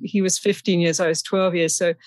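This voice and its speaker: A woman's voice: fairly low pitch, steady tone, fairly quick, darkish tone, no echo. A woman from England, a guest in an interview, telling stories in a chatty, anecdotal way and laughing often. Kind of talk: storytelling in a conversation.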